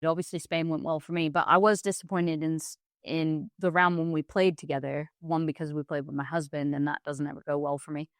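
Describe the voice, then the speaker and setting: A woman's voice: low voice, little pitch movement, brisk, hardly any pauses, no echo, studio quality. A woman hosting a podcast, telling stories in casual chat. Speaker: podcast host.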